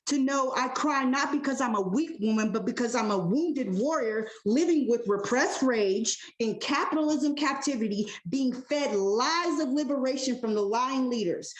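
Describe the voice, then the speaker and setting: A woman's voice: high voice, roomy sound. A woman performing spoken word poetry at an open mic, impassioned and rhythmic, leaning hard on alliteration.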